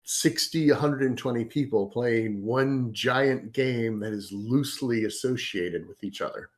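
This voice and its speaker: A man in casual interview chat, explaining game design with enthusiastic, animated storytelling and some hesitations. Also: mid-range voice, measured pace. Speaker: guest, game author and designer.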